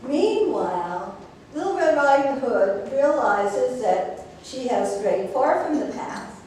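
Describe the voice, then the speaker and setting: A woman's voice: sits high, sing-song, slow, a little mellow, a little hiss or hum. A woman minister telling a fairy tale in a sermon, playful and chatty with the congregation. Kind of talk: storytelling sermon. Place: church sanctuary. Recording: echoey hall from far off.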